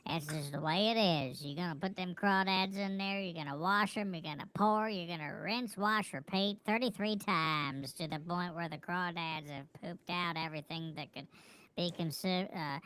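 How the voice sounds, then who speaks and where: Bright-voiced woman, animated comic rant. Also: fairly low pitch, moderate pace, clear, resonant tone. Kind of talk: storytelling rant.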